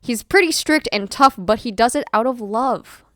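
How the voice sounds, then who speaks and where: A woman's voice: fairly high pitch, expressive, normal speed, no echo, clean studio sound. A young woman streamer chatting casually and rambling, often apologizing and laughing as she explains things. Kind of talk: casual livestream chat.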